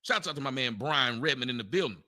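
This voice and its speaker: A man hosting an online audio chat, ranting loudly in a mocking, incredulous way. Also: mid-range voice, animated, quick pace. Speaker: show host. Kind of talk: heated online audio rant.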